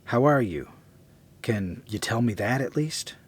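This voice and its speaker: A man's voice: medium pitch, expressive, unhurried, husky. A man voicing an exasperated, teasing wife on the phone. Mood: hurt.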